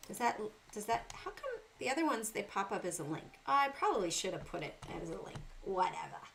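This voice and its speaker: A woman's voice: mid-range voice, sing-song, quick pace, a bit bright, a little hiss or hum. Chatty Southern woman reading stock charts. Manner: chatty, talks to chat viewers by name. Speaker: livestream trading host. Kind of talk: casual livestream chart commentary.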